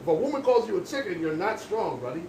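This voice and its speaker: A man's voice: high-pitched, sing-song, fast, darkish tone, far from the mic. A man talking casually while he works as a barber, speaking in an emphatic, lecturing monologue. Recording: echoey room with background noise.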